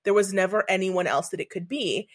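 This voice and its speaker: A woman's voice: mid-range voice, fairly quick. A woman chatting casually about films, enthusiastic and rambling, swearing freely as she goes. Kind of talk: casual chat.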